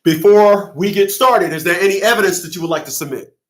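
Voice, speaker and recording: A man putting on a smug, high-pitched judge. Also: fairly quick, close to an everyday voice. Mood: condescending. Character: aloof arrogant male family court judge.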